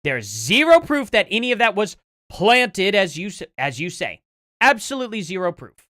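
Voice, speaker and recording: Combative streamer demanding proof, lively pitch. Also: moderate pace, dry recording, studio quality. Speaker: livestream host reacting to clips. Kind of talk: live reaction commentary.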